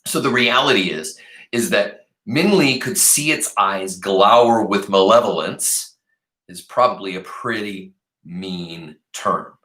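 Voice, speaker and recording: A man's voice: lowish voice, slow pace, bright, forceful tone, roomy sound, poor audio. A man, a teacher, reading a novel aloud to his class and stopping often to talk with the students.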